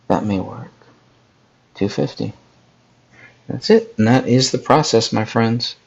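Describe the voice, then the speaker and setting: A man's voice: medium pitch, takes it slowly, vocal fry, long pauses, darkish tone, dull audio, slight background noise. A man hosting a live editing tutorial, casually talking viewers through each step and speaking to people in the live chat. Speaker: podcast host.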